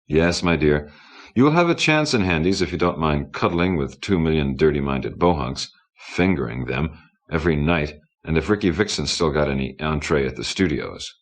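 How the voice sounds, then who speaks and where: Male reader voicing a sour ex-starlet, deep and bossy, haughty. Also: animated, normal speed. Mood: scornful. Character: sour, scornful fading female entertainment star.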